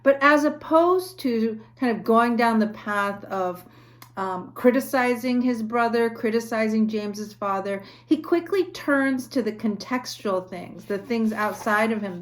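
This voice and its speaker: A woman lecturing on a book in a conversational way, often checking in with "right?" and reading passages aloud. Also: medium pitch. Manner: reads quoted passages aloud. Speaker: university lecturer. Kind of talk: recorded lecture.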